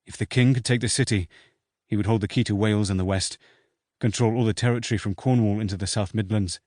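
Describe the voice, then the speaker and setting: A man reads a historical novel aloud for an audiobook, keeping his delivery steady and measured. His pitch is fairly low. It's scripted narration with a dry, clean studio sound.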